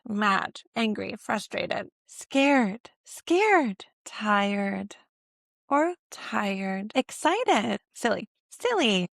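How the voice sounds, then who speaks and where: Woman, 30s, parenting teacher, gravelly edge, dry close sound, sing-song baby-talk delivery. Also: medium pitch, a bit bright, no room sound. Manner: sing-song, exaggerated baby-talk when modeling signs. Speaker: parenting educator. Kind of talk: teaching baby sign language to camera.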